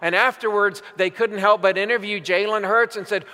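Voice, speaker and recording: An older pastor delivers a sermon, unhurried and emphatic, leaning into his stories. His voice sits high and bright for a man. It rings through a large church with a long reverb. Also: fairly even intonation, clean tone.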